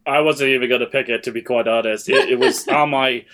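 A man co-hosting a podcast in casual chat, speaking haltingly and often restarting his sentences. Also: medium pitch, steady tone, a bit bright. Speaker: podcast co-host.

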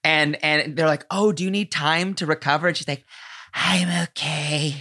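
A man's voice: a little high, brisk, sharp tone. A man hosting a podcast in casual, campy, profane comedic chat. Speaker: podcast host.

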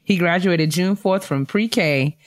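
A woman's voice: lowish voice, slow pace. A woman co-hosting a casual podcast, reading listener emails and congratulating graduates with easy laughter. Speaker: podcast co-host.

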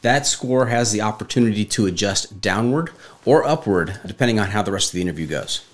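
A man hosts a casual podcast interview in a fairly low voice. He jokes his way between questions with a playful manner. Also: animated, brisk. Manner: playful, jokey. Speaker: podcast host.

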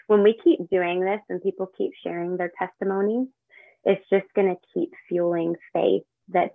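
A woman guest on a podcast, speaking in a heartfelt, gentle way, pausing to search for words, over a tinny line. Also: on the low side, gravelly, dry recording. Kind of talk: casual interview chat. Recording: dry tinny phone line.

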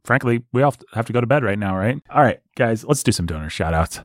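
A man's voice: mid-range voice, expressive, fast talker, dry recording, studio quality. A man hosting a casual book podcast, playful and teasing as he reads donor names. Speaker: podcast host. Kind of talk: casual chat.

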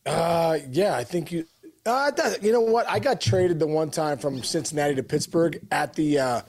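A man co-hosting a sports podcast, a former baseball player telling stories in casual chat with lively voiced quotes. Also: a little high, moderate pace. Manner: animated storytelling with voiced quotes.

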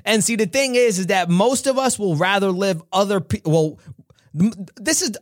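A man's voice: high voice, normal speed, no echo, clean studio sound. A man from New York hosting a podcast, giving an earnest, preachy motivational talk and often laughing. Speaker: podcast host, motivational speaker.

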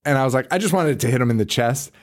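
A man's voice: medium pitch, expressive, rapid-fire. A man co-hosting a podcast in casual chat, rambling through a story with lots of swearing and frequent laughter. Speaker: podcast co-host.

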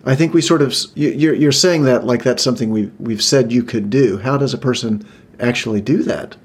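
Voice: mid-range voice, a little fast, breathy edge. A speaker improvising a mock-serious interviewer asking probing questions in a comedy interview.

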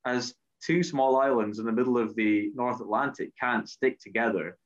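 A man's voice: medium pitch, moderate pace. Earnest man, muffled sound. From Scotland. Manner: hesitant, repeats words, earnest. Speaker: politician. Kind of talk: interview answers.

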